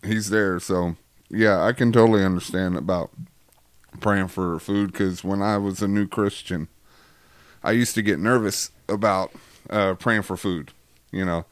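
A man's voice: low voice, fairly even intonation, a little slow, clean tone, no echo. A man hosting a casual faith chat who talks in a rambling, joking way with many fillers. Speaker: host.

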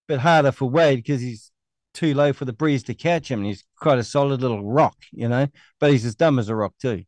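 A man's voice: mid-range voice, fairly quick, a little mellow, dry recording. A middle-aged man with a New Zealand accent hosts an online show, ranting angrily and scornfully with a lot of swearing. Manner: angry, scornful, profane ranting. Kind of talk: ranting monologue.

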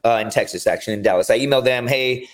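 A man's voice: mid-range voice, racing. A man talking as a podcast guest, telling long rambling stories with lots of swearing. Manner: rambling, profane storytelling. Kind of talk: casual chat.

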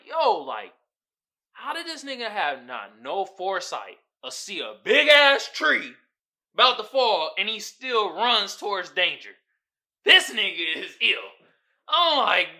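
A man's voice: high-pitched, pushed and bright. A man hosting a podcast, riffing alone in casual, profane commentary and laughing often. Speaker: podcast host.

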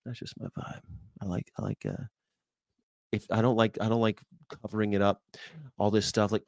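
A man's voice: lowish voice, steady tone, moderate pace, creaky, long pauses, a little mellow, dry recording, studio quality. A man hosting a reaction video, brash and joking, swearing and repeating short slogans. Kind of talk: blunt reaction commentary.

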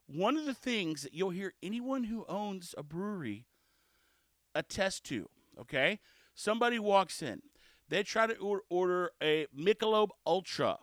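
Male solo podcaster, casual and cheeky, lively swinging delivery. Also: high voice, no echo, clean studio sound. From South Texas. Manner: chatty, cheeky, animated storytelling. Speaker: podcast host.

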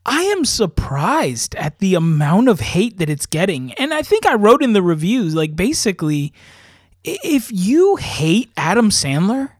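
A man hosting a podcast in casual chat, animated and quick to laugh. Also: high-pitched, no echo, clean studio sound. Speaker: podcast host.

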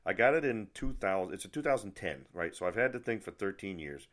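Man, low voice, casual rant, rambling, exasperated, lots of restarts. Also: lively intonation, a little fast, a bit bright. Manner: rambling, exasperated, frequent restarts and mild swearing. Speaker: vlogger.

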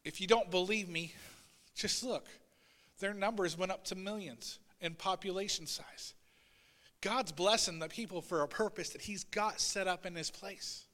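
A man preaching a sermon as pastor, swinging between loud, urgent passages and quiet asides, and voicing Bible figures in a raised voice. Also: high voice, normal speed, big-room sound. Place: church sanctuary.

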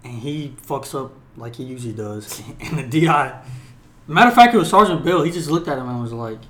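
A man's voice: medium pitch, lively intonation, brisk, a bit bright. A man co-hosting a casual chat, throwing in slangy reactions and swearing freely. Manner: frequent slangy backchannels, swears. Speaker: podcast co-host.

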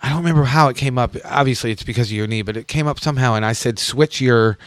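A man hosting a casual chat in a friend's garage, animated and joking, swearing freely. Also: medium pitch, fast, no room sound, studio quality. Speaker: host.

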